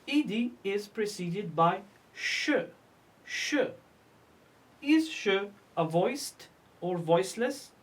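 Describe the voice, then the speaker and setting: Slow, lively-voiced woman teacher. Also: mid-range voice. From North Africa. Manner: repeats each word slowly, asks and answers her own questions. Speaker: English teacher. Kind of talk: slow classroom lesson.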